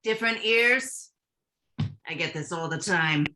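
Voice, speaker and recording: A woman voicing a chatty, touchy pug dog in a staged play reading, quick to take offense and eager to help. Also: on the low side, animated, pushed and bright, a little hiss or hum. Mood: indignant.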